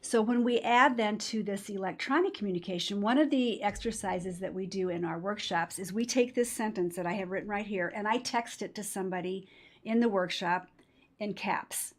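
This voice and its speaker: A woman's voice: mid-range voice, moderate pace. Woman, patient-experience trainer, emphatic, explanatory, interview talk. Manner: emphatic, explanatory, with quoted voices. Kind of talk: interview conversation.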